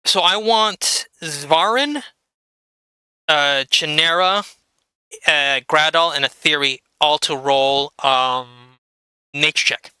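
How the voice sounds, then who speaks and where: Game master narrating, lots of ums and stops, crisp bright voice, super dry. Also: medium pitch, takes it slowly, long pauses, dry recording. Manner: hesitant, with many fillers and restarts.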